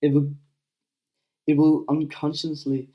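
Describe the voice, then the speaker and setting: Pitched on the high side, a young man speaks at a measured pace with completely flat delivery, and the audio is dull. He gives viewers blunt, unscripted advice in a casual monologue, swearing, leaning on fillers, and acting out little scenes.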